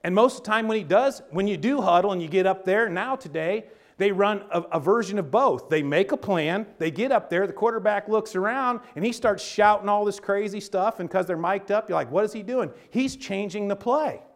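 A man preaching a sermon in a folksy, animated way, moving between loud emphatic bursts and quiet low asides. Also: moderate pace. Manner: animated, folksy storytelling with sports analogies. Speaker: pastor.

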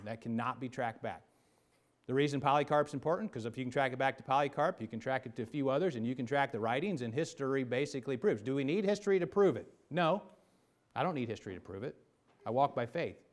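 A man preaching a sermon, rising into emphatic bursts and then dropping low, often restarting words as he builds a point. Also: fast. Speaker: pastor.

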